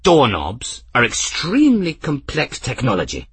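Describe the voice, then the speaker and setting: A man putting on a twittering, scatterbrained old gentleman who leaps up high and loud into excited exclamations, wandering all over the scale. The voice stays very husky, and the sound is close and dry, like a storybook reading. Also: a little slow, no room sound, full character voice. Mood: excitable.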